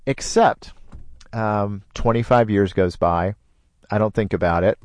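A man with a lowish voice tells a story from his own life, animated and full of little sound effects. The recording is dry and close. He talks casually, as in a conversation. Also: unhurried, dry recording. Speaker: storyteller guest.

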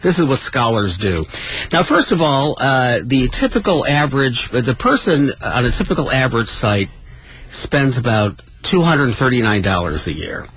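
A man's voice: mid-range voice, big pitch swings, moderate pace, fairly bright tone, slightly rough, rough recording. A middle-aged man co-hosting a radio show, playful and teasing in casual chat. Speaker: radio co-host.

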